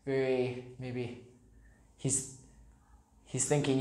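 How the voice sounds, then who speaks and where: A woman, an English teacher, reading a picture book aloud to young children, slow and animated, explaining words and adding sound effects. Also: deep voice, echoey room.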